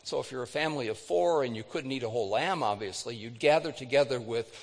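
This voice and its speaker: A pastor preaches a sermon in a large hall, talking fast as he retells scripture through dramatic readings. He raises his voice for quoted words and lowers it for solemn moments.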